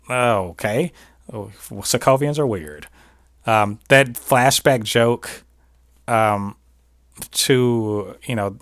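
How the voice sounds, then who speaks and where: A man of ordinary pitch hosts a casual review show, talking fast through his opinions with frequent restarts and side remarks. His voice is recorded close and dry, with no room sound around it. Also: no room sound. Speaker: podcast host reviewing TV. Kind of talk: casual spoiler review monologue.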